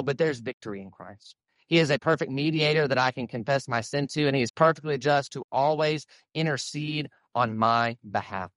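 A man on a radio debate, delivering his argument in a preacherly way and quoting scripture at length. His voice sits a little high for a man, and the sound is close and dry. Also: fairly bright tone, dry recording. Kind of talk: debate opening statement.

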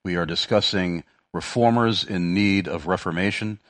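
Deep-voiced man hosting Christian talk radio, hesitant and halting, dry studio sound. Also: dry recording. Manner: hesitant, many fillers and restarts. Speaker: radio show host. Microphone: studio microphone.

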